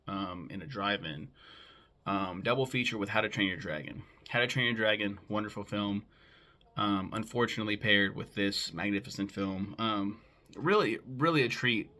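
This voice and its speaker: A man's voice: lowish voice, gravelly, bright, forceful tone. A young man giving a casual, rambling film review, with lots of swearing and ums. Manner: rambling and profane, with frequent ums.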